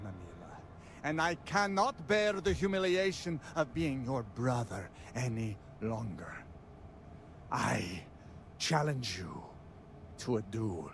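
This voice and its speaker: A man's voice: medium pitch, slight background noise. An actor playing a proud, furious man who shames his brother in stern, formal speech.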